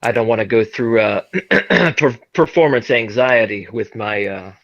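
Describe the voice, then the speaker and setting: A man playing his character in a tabletop game, giving brief, measured replies over a dull, lo-fi recording. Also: mid-range voice, fairly bright tone. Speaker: player. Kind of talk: in-character tabletop role-play. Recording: dull lo-fi mic.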